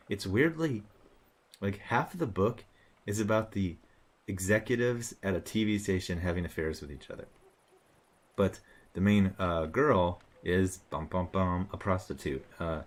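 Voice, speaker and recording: Low-voiced sarcastic male commentator. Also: normal speed. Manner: sarcastic and rambling, with frequent fillers. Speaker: commentator reacting to online posts. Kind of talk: casual commentary monologue.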